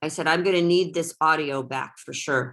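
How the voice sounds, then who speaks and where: A woman's voice: low voice, quick pace, fairly bright tone. A woman taking a one-on-one language lesson over a video call, sounding out words hesitantly with many false starts. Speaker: language student.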